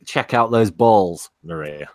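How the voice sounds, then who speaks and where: A man's voice: lowish voice, expressive, takes it slowly. A man in a casual stream chat, reacting with exasperation and swearing.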